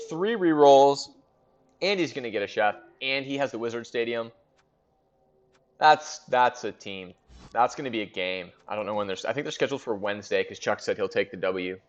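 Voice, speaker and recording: Man, casual game recap host, chatty, thinks aloud, mid pitch, slightly dull lo-fi sound. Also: lively intonation, moderate pace.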